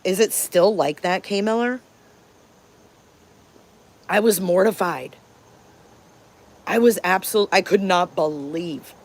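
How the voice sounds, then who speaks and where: A woman's voice: fairly low pitch, slow, long pauses. A woman in her fifties from Detroit, hosting a live stream and telling stories in a candid, profane, emphatic way. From Detroit, Michigan. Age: 50s. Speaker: channel host. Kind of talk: live-stream storytelling chat.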